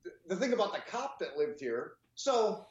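Brief: male co-host, heated and foul-mouthed, slightly high voice, echoey dull lo-fi recording. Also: normal speed. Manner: profane, heated and animated. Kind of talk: casual podcast storytelling. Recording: roomy, dull lo-fi sound.

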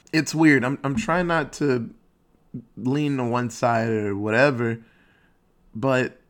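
A man talks off the cuff in a loose, rambling monologue, with his voice rising and falling widely as he gets worked up. He swears freely and keeps an easygoing, conversational flow. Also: medium pitch. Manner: animated, profane, rambling. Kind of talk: casual monologue.

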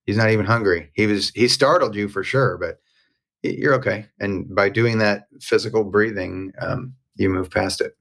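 This interview guest has a fairly low, creaky voice and keeps a moderate pace. Candid and conversational, he recounts something from his own life with animation, acting out the dialogue he quotes.

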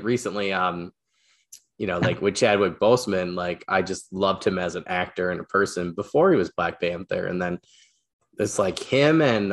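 A man hosting an interview, rambling excitedly with lots of fillers as he tells stories. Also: low-pitched. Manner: rambling, animated storytelling with many fillers. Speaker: podcast host, teacher and coach. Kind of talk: casual interview chat.

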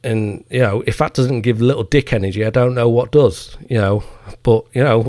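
A man's voice: mid-range voice, moderate pace, a little mellow, no room sound, studio quality. A man hosting a podcast, ranting in a profane, heated and mocking way. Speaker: podcast host. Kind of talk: ranting commentary.

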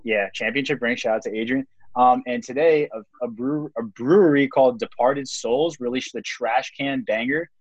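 A man's voice: mid-range voice, normal speed, few pauses, no room sound. A young man hosting a casual sports chat, rambling with many fillers like "like" and "um". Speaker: podcast host. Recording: slightly dull lo-fi sound.

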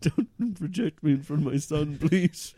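A man's voice: fairly high pitch, lively intonation, measured pace, mellow, breathy edge, no room sound, voice pushed down. A man playing Harold, an awkward dad who stammers and fumbles to please, in an improvised comedy scene. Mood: flustered. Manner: flustered, stammering. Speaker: comedy podcast host.

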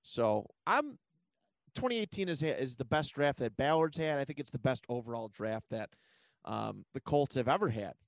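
Male sports podcast co-host, chatty and animated, bright lively delivery. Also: mid-range voice, normal speed, vocal fry, no echo. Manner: animated, laughs often. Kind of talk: casual sports podcast chat.

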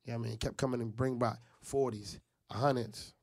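A man's voice: mid-range voice, steady tone, a little fast, a little mellow. A man telling a personal story in a casual chat, animatedly acting out what other people said.

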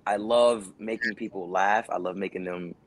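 Animated storytelling man, dry close sound. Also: on the low side, normal speed, no room sound, rough recording. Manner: animated storyteller who acts out voices of people he quotes. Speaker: actor and dancer being interviewed. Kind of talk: casual interview talk.

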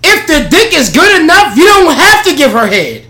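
A man with a bright, high voice talks with brash, emphatic energy and laughs through his stories. His pitch swings widely. The room around him gives an echoey sound. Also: wildly swooping pitch, moderate pace. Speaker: podcast co-host. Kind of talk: casual chat. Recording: roomy echo.

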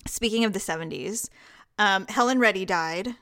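A woman's voice: mid-range voice, moderate pace, pushed and bright. A woman chatting casually with her sister, laughing often and mimicking voices as she tells stories. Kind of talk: casual chat between sisters.

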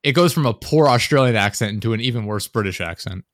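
A young man co-hosting a podcast, rambling casually and dropping deadpan jokes. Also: medium pitch, quick pace, no echo, clean studio sound. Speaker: podcast co-host. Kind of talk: casual chat.

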